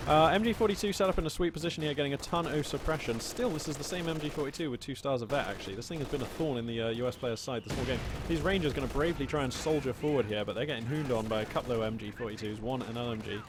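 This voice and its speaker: A man's voice: mid-range voice, background noise. Chatty male game caster over gunfire. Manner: chatty, playful, quick excited reactions. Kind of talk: live play-by-play game commentary. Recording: loud game gunfire and vehicles behind.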